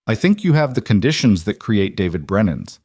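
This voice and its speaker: A man's voice: fairly low pitch, very animated, fairly quick, a little mellow, breathy edge, dry recording, studio quality. A man doing a terse ex-soldier dad. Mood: terse firm. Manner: terse, firm. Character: guarded ex-soldier father, blunt and tense.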